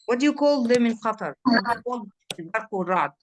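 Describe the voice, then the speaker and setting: A woman with a fairly high voice gives a one-on-one online English lesson. She is a native Arabic speaker and talks over a video call. She is patient and clear, repeating words for the student and often checking "okay?". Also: animated, very fast, slight background noise. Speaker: English tutor.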